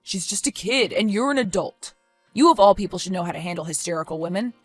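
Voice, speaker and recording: A woman putting on a careless father's voice, pitched lower than her own and relaxed to the point of dismissive. He brushes off each worry with easy reassurances. Faint music plays under this animated story. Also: fast, husky, dry recording. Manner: breezy, dismissive, brushing off worries. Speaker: boyfriend and father.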